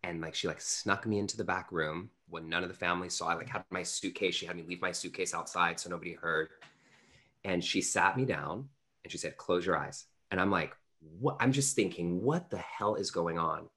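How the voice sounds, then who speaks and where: A man's voice: low-pitched, fairly quick, sharp tone. A man in his thirties, an interview guest telling a personal story earnestly, with lots of fillers. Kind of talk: storytelling in conversation.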